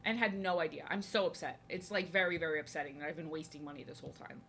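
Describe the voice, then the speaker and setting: A woman's voice: low voice, fast talker, fairly bright tone, a little hiss or hum. A young woman from New Jersey chatting casually while drawing on a live stream, rambling and repeating herself. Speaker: art streamer.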